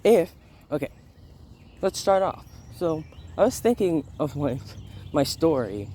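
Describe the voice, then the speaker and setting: This young man hosts a rambling vlog while strolling his neighborhood, a bit under the weather and laughing as he interrupts himself. His voice runs on the high side, warm and sing-song, and he takes it slowly with long pauses. There's slight background noise, with birds chirping and a dog barking.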